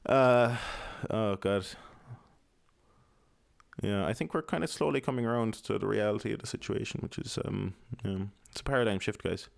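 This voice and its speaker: A man's voice: lowish voice, normal speed, vocal fry, no room sound. A young Irish man rambling to his podcast at home, mumbling and swearing, with many fillers. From Ireland. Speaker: podcast host. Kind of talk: casual rambling monologue. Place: home apartment.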